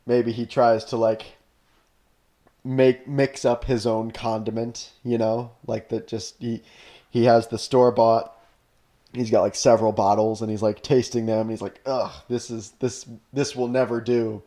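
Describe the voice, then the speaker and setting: A man riffing on a podcast, talking in loose, rambling chat that is packed with "like" and quick restarts. He laughs often and keeps building on his own ideas. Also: on the low side, flat delivery, warm tone. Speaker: podcast co-host. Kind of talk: casual chat.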